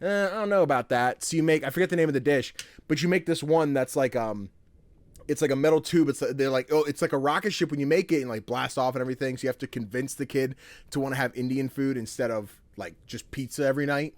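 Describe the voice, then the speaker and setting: A man's voice: medium pitch, fast talker, darkish tone, dry recording. A young man chatting casually and self-deprecatingly as he streams a story game. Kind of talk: casual gameplay commentary.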